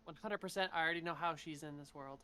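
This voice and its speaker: Bright, smooth rambling player. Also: medium pitch, steady tone, fast talker. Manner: rambling, filler-heavy scene description. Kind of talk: casual tabletop game chat.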